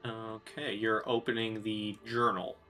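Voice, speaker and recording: A man narrating as game master, hesitant and filling pauses with ums. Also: fairly low pitch, flat delivery, pushed and bright, soft background music.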